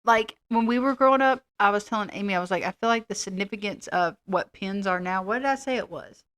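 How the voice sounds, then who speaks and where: A woman's voice: medium pitch, quick pace, a bit bright. A middle-aged woman co-hosting a casual chat, telling rambling, self-deprecating stories. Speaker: co-host.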